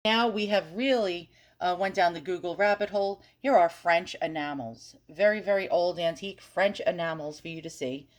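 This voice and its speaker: A woman's voice: on the low side, normal speed, few pauses. A woman hosting an antiques channel, talking casually and frankly as she browses listings on her computer, swearing mildly and stumbling over French words. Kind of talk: casual screen-recorded research commentary.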